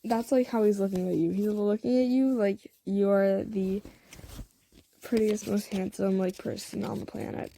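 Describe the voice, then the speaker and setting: A young woman narrating a fan-made story in a casual, rambling way, full of fillers and asides and quick giggles. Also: medium pitch, steady tone, vocal fry, mellow, a little hiss or hum. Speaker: fan audio story creator.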